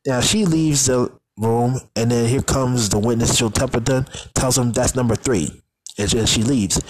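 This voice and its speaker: A man's voice: mid-range voice, rough recording. A man casually recapping a TV episode in a rambling, filler-heavy way, often tacking on "though". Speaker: show recapper.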